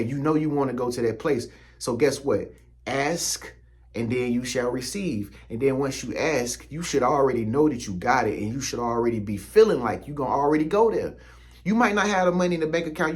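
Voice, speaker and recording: A man's voice: on the high side, fairly quick. Man, spiritual motivational talk, slangy preachy delivery, direct to viewer. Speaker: spiritual content creator.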